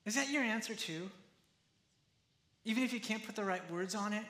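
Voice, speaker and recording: A man pastor preaching a sermon in a conversational, animated way, often acting out the quotes. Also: high voice, moderate pace, pauses often, roomy sound.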